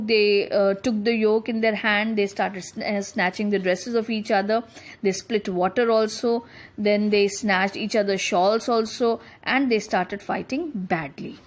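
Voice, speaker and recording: A woman teacher reading a story aloud and explaining it, repeating and rephrasing lines so they are clear. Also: mid-range voice. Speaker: English teacher.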